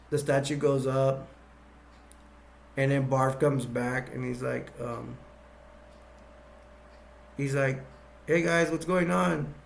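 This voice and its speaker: A man's voice: mid-range voice, vocal fry, darkish tone, slight background noise. A man casually retelling a movie plot as a reviewer, rambling with lots of fillers and restarts.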